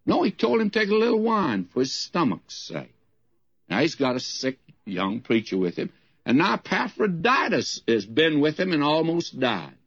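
A man's voice: a little high, huge pitch swings, normal speed, gravelly, fairly bright tone, dry recording, highs cut off. Folksy older man teaching the Bible. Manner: folksy, emphatic, rising questions.

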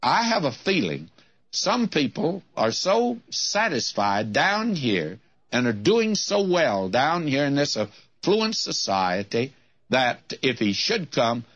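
An older man preaching a sermon in a slow, deliberate way, lifting his voice when he reads scripture. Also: medium pitch, big pitch swings, fairly bright tone. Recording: dull lo-fi old sermon recording.

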